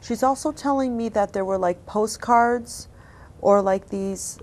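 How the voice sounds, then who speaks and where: A woman hosting as a psychic medium, giving a reading in a gentle, apologetic, emotional way that often drops to a soft hush. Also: medium pitch, unhurried.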